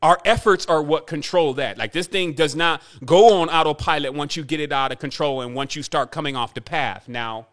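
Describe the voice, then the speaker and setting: A man's voice: a little high, moderate pace, hardly any pauses, a bit bright. A man giving a rambling spiritual monologue as a teacher, talking emphatically and repeating himself for effect.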